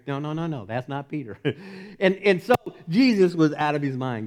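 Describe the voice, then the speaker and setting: A middle-aged male pastor delivering a sermon in a slightly high voice. He moves between loud, emphatic commands and quiet, hushed phrases, often laughing between points. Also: normal speed. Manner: animated, swings from loud emphasis to soft near-whisper, laughs often.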